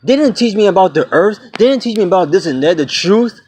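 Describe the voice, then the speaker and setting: This vlogger in his twenties has a high, expressive voice that's a little mellow with a breathy edge, and he talks a little fast. He rants bluntly to camera, swearing freely and calling his viewers "y'all" and "man."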